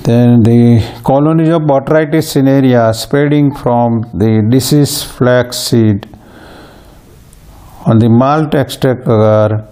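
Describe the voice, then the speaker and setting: A man giving a plant pathology lecture, slow and halting, with frequent fillers and restarts. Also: mid-range voice, mellow. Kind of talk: recorded university lecture.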